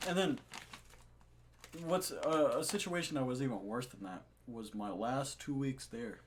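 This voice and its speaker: A man's voice: mid-range voice, a little slow. A young man co-hosting a podcast, telling a story about his retail job in a casual, profane, laughing way. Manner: profane, laughing, animated retelling. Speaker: podcast co-host. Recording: faint background noise.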